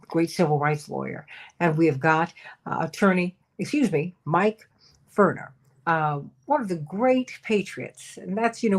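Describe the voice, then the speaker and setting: A woman hosts a political talk radio show in a lowish voice. She is emphatic and stretches out the key figures, repeating them slowly for effect.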